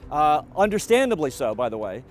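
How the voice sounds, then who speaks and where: Measured college president, fairly high voice. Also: male voice, sing-song. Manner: measured, deliberate, with frequent fillers and restarts. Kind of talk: video update to the college community.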